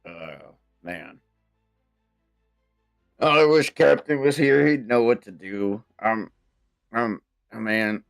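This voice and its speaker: A man's voice: lowish voice, slow, creaky, long pauses, soft background music. A man speaking in character as a player in a tabletop game, rambling and flustered, fumbling names. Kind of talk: in-character tabletop role-play.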